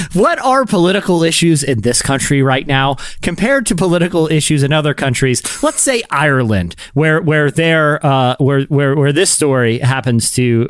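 Animated, rambling male podcast host. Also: on the high side, no echo, studio quality. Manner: rambling, laughing, many fillers. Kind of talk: casual chat.

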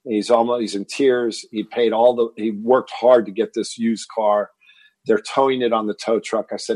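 In a dry recording, a man with a lowish voice talks at a normal speed. He's a fitness entrepreneur from Texas, in his fifties, recounting stories in an interview with animated energy and repeating words whenever excitement takes over.

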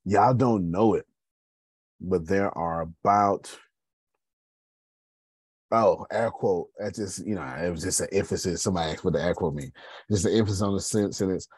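Male host, husky low voice, loose motivational business talk, dry close sound. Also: normal speed, long pauses, darkish tone, no echo. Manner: conversational, addresses listeners as y'all.

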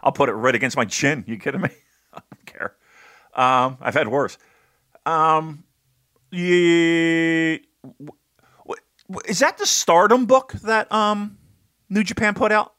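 An American man co-hosting a wrestling podcast in a casual chat, excitable and joking, cursing now and then. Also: on the high side, slow pace, long pauses. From United States. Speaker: podcast co-host.

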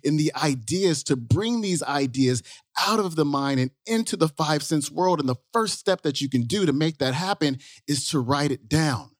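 A man's voice: fairly high pitch, lively intonation, normal speed, dry recording, studio quality. A man giving an earnest, emphatic motivational introduction. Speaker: podcast intro speaker. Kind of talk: motivational talk.

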